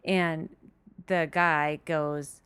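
A woman with a lowish voice chats as a podcast co-host, breaking into laughter and swearing as she tells stories. The sound is close and dry, with no room around it. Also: steady tone, drawn-out words, fairly bright tone, clear, resonant tone, dry recording. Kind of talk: casual chat.

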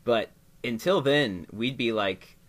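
A man's voice: medium pitch, takes it slowly. A man co-hosting a podcast, chatting casually about a TV episode with a lot of laughter and hesitant fillers. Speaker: podcast co-host. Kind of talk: casual chat recapping a TV episode.

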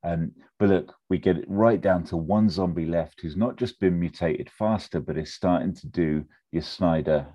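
A man, casually pitching a film plot in a rambling, animated way full of fillers and restarts. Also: moderate pace, hardly any pauses.

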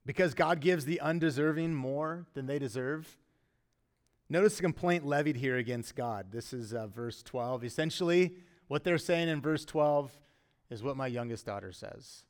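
A man's voice: a little high, normal speed. Earnest male pastor preaching conversationally. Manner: earnest, conversational preaching with emphatic rises and quiet drops. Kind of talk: sermon.

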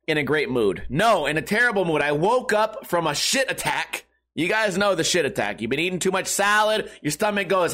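A man with a fairly high speaking voice rants in a loose, profane comedic monologue. He laughs at his own jokes and breaks off into quick asides. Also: sharp tone. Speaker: comedy podcast host.

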